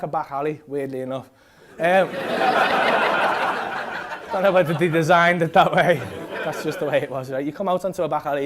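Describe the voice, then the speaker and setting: A man doing stand-up, retelling a night out in a rambling, sweary style and ending lines with "right?". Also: fairly high pitch. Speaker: stand-up comedian. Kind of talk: stand-up storytelling. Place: comedy club stage. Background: audience laughter.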